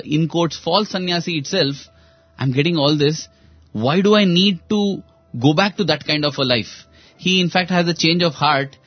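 A man's voice: fairly high pitch, no room sound, dull audio. A man, earnestly retelling spiritual parables in a storytelling talk. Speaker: speaker on a spiritual talk show.

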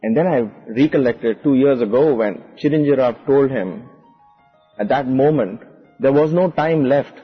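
Husky man recalling memories, halting. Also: mid-range voice, big-room sound, lo-fi sound, faint music behind. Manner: reflective, halting, re-enacts quoted speech. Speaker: guest. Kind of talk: personal recollection.

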